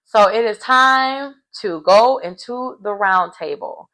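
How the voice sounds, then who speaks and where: Animated woman recapping reality TV. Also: medium pitch, slow, low-quality recording. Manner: animated storytelling, acts out quotes. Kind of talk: casual episode recap.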